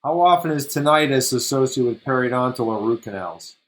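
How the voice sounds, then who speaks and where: A man's voice: mid-range voice, animated, a little fast, rough recording. A man hosting an online Q&A, reading audience questions to his guest. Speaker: host. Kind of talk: online Q&A interview.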